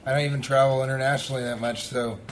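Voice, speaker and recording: A man's voice: medium pitch, very fast, slight background noise. A man in his thirties, a comedian co-hosting a live podcast, telling stories and acting out the people in them while laughing. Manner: animated anecdote telling, acting out others, laughing often. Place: live venue stage. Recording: live show with loud crowd laughter.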